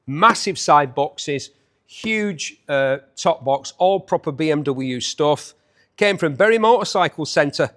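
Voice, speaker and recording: A man's voice: a little high, expressive, a little slow, fairly bright tone. A man in his fifties hosting a chatty, jokey walkaround preview of bikes up for auction. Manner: chatty, enthusiastic, jokey asides.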